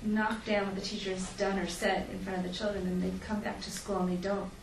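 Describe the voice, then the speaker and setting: A woman's voice: medium pitch, little pitch movement, a little fast. Distant woman speaking from the audience. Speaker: audience member. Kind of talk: comment from the floor. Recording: distant, echoey room mic with noise.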